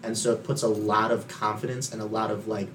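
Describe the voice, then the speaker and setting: A man's voice: lowish voice, brisk. Young guy rambling on a podcast, likes and bros everywhere, faint hiss behind. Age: young adult. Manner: rambling, filler-heavy, swearing, animated storytelling. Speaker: podcast co-host. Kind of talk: casual chat.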